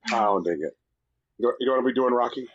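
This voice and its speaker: A man's voice: medium pitch, monotone, very fast, dull audio, background noise. A man co-hosting a podcast, chatting casually and swearing as he spins jokey, mock-romantic stories. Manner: joking, swears, tells mock-romantic bits. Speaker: podcast co-host. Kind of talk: casual chat.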